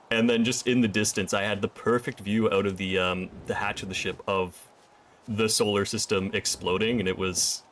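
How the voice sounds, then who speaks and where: A man's voice: fairly low pitch, flat delivery, moderate pace, fairly bright tone, slight background noise. A man streaming a first playthrough of a video game, thinking aloud and chatting with viewers. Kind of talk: casual gameplay commentary.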